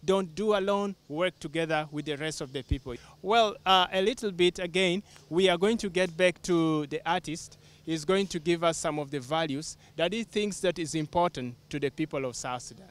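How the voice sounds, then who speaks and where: A man hosting a television interview, speaking in a measured, formal way and giving station announcements. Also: fairly high pitch, clean tone. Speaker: television host. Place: television studio.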